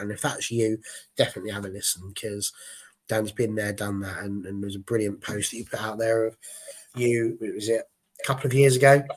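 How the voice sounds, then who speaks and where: A man hosting a fan show, chatting excitably and rambling with restarts. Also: on the low side. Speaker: host. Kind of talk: casual chat.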